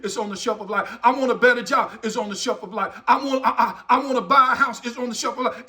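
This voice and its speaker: A man's voice: very high-pitched, pushed and bright. A middle-aged man giving a motivational speech in a preacher-like way, repeating key lines and urging listeners on. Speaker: motivational speaker.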